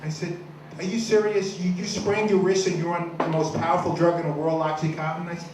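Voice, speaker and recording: A man's voice: high-pitched, brisk, slight background noise. Rambling foul-mouthed man on a far-off, echoey mic. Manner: rambling, crude, deadpan storytelling with many restarts. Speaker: stand-up comedian. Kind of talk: stand-up set at an open mic.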